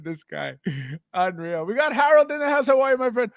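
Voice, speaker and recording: Lively, high-voiced man hosting a livestream. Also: moderate pace, gravelly, no echo, studio quality. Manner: animated, greets viewers by name, laughs often. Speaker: livestream host. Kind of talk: casual livestream chat.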